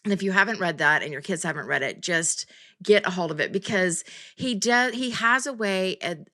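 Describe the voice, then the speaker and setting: A woman's voice: lowish voice, gravelly, bright, forceful tone. A woman hosting a podcast, telling a story in a chatty, self-deprecating way with bursts of laughter. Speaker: podcast host.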